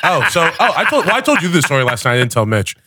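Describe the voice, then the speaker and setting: A man's voice: a little high, wildly swooping pitch, rapid-fire, pushed and bright, slightly rough, dry recording. A young man co-hosting a podcast, rambling through anecdotes with lots of fillers in casual chat. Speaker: podcast co-host.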